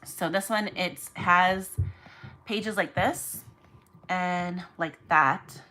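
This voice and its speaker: Female livestream host, lowish voice, bright and forceful; chatty, rambling reseller packing orders and addressing viewers. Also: very slow, slight background noise, rough recording. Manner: chatty and rambling, goes off on tangents, talks to viewers by name. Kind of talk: casual livestream chat while packing orders.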